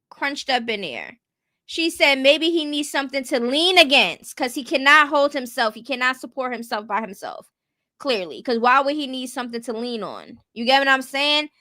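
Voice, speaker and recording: A woman's voice: high-pitched, bright, forceful tone, dry recording. A woman hosting casual commentary, blunt and rhetorical, often turning to her viewers with questions. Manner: blunt, rhetorical, keeps asking viewers "you get what I'm saying". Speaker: commentary host.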